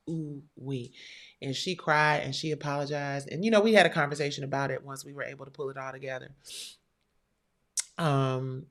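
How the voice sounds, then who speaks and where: A woman hosting a live stream show, telling a story in a candid, blunt and profane way. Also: low voice. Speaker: livestream show host. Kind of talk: casual livestream talk.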